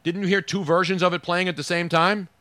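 A radio host, a man with a fairly high, very bright voice. He talks brashly and teases his co-host. The sound is dry and close, with a little music under it. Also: level tone, quick pace, dry recording. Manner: brash, loud and teasing. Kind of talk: casual on-air banter.

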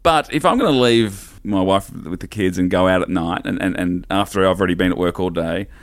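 A man's voice: deep voice, a little fast, no room sound, clean studio sound. A middle-aged Australian man, a stand-up comedian, telling stories in a rambling, self-deprecating way as a podcast guest. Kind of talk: casual storytelling chat.

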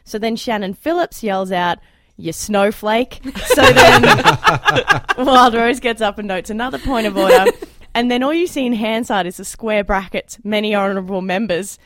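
A woman hosting a political podcast, recounting events briskly with fillers and steering the talk. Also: fairly high pitch, expressive, a bit bright, no room sound. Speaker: podcast host. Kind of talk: casual panel chat.

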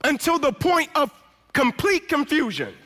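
A man's voice: very high-pitched, wildly swooping pitch, measured pace, bright, forceful tone. A young man giving an inspirational testimony speech, telling his story with repeated refrains. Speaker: motivational speaker.

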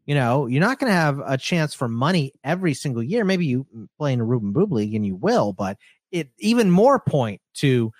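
A man's voice: medium pitch, big pitch swings, fairly quick, dry recording, clean studio sound. A man co-hosting a casual fantasy baseball podcast, laid-back and giving blunt advice. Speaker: podcast co-host.

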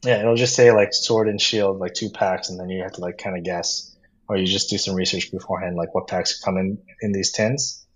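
A man's voice: low-pitched, steady tone, brisk, breathy edge, rough recording. A man talking casually as a guest, chatty, with many fillers and restarts. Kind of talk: casual conversation.

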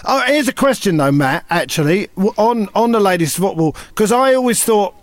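A man's voice: high-pitched, expressive, moderate pace, dry recording. A middle-aged man, a comedian guest on a chat podcast, telling anecdotes in a chatty way that builds up to a punchline. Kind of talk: casual chat.

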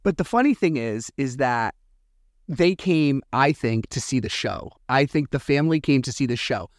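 A man's voice: mid-range voice, moderate pace, dry recording, clean studio sound. A man in his thirties hosting a podcast, casually retelling a story and acting out the quoted dialogue. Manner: chatty, retells dialogue with animated quoted voices. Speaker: podcast host.

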